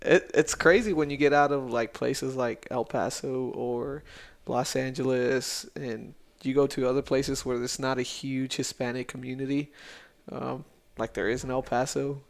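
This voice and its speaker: A man's voice: medium pitch, steady tone, moderate pace, creaky, few pauses. A man hosting a podcast in casual chat, laid-back, laughing often and swearing freely. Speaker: podcast host.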